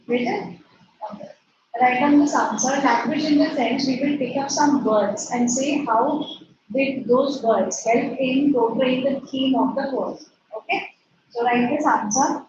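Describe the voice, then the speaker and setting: A woman's voice: sits high, measured pace. A woman teacher dictating an answer to her class, repeating phrases and spelling words out. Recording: echoey, distant, muffled with noise.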